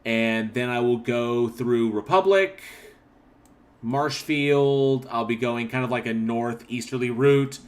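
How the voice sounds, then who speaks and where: A man's voice: medium pitch, takes it slowly. Rambling man hosting a livestream. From northern Oklahoma. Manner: rambling, restarts, reads chat aloud. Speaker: livestream host. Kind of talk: casual livestream chat reading comments.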